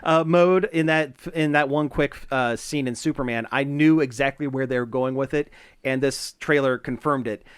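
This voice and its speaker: A man co-hosting a pop culture podcast in casual chat, animated and laughing often, with many fillers and restarts. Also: medium pitch, normal speed, smooth, no room sound, clean studio sound. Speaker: podcast co-host.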